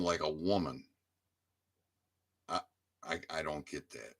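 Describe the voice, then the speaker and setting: A man's voice: a bass voice, slow pace, long pauses. A man giving a rambling casual monologue to his viewers, stammering over repeated words and swearing freely. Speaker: independent online commentator.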